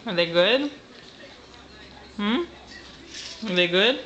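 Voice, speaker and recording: A woman's voice: medium pitch, expressive, slow pace, highs cut off. A young woman filming small children at a home meal, coaxing them in sing-song baby talk. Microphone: handheld home camcorder. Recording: loud background noise on a home camcorder.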